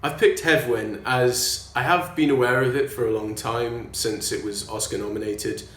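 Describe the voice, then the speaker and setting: A man's voice: mid-range voice, fairly even intonation, normal speed. A man reviewing a film in a put-on Welsh accent, speaking in a jokey, conversational way. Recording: echoey room with loud music.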